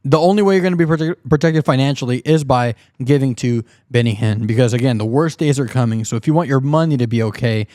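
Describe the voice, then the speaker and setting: A man's voice: mid-range voice, quick pace, few pauses, dark tone, no echo, studio quality. A man hosting his own commentary channel, reacting indignantly and sarcastically to a preacher's clip. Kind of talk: critical video commentary.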